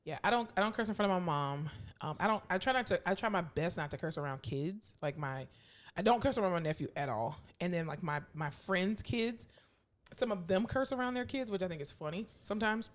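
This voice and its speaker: Lively, candid woman podcast co-host. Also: fairly low pitch, brisk. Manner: animated storyteller, acts out quotes loudly; candid, laughs often. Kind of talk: casual chat.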